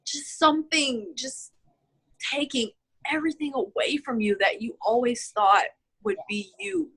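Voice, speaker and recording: A woman's voice: high voice, lively intonation, measured pace, a bit bright, breathy edge, low-quality recording. A woman being interviewed about her healing, speaking heartfelt and choked up, with many fillers. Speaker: healing client. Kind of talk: casual video-call interview.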